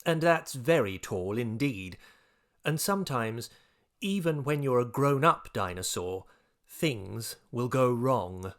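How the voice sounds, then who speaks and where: Expressive Australian man reading a children's story. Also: mid-range voice, takes it slowly. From Tasmania, Australia. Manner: gently expressive, playful voicing. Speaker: narrator and author.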